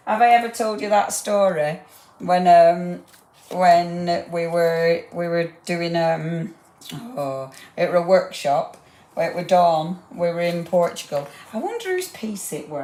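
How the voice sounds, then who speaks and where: A woman with a low voice hosts a live craft demonstration. She talks in a warm, rambling, enthusiastic way and chats to her viewers as she works. The sound is roomy, with a faint hum of background ambience. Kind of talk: chatty live craft demo. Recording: roomy echo.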